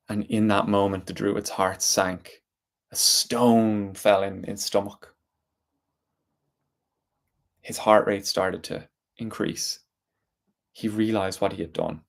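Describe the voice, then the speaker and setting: A man telling a story aloud, slow and deliberate with drawn-out pauses. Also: on the low side, steady tone, gravelly. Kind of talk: spoken storytelling.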